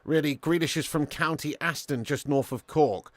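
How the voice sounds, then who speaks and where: A man from the Birmingham area of England hosts a football watch-along live stream in a fairly high voice at a moderate pace. Sweary and full of banter, he talks directly to his viewers.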